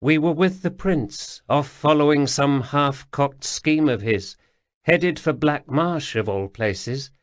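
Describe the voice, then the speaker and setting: A man voicing a calm, wry female ghost. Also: a little high, takes it slowly, dry recording, studio quality, voice pushed up. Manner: quiet, murmuring, resigned.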